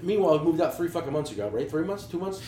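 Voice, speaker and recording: Animated, profane man telling stories. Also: on the high side, racing. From New Jersey. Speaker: podcast host, tool dealer. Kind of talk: casual podcast chat. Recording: roomy echo, faint background hiss.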